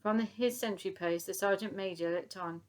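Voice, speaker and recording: A woman's voice: mid-range voice, moderate pace. Woman narrating a children's audiobook. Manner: lively, expressive storytelling.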